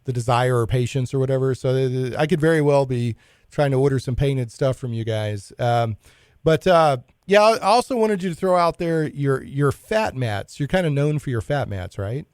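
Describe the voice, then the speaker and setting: A man's voice: mid-range voice, expressive, moderate pace, clean tone, no echo. A male radio show host talking in a casual, enthusiastic way, rambling a little and restarting his sentences while he interviews a guest in the studio.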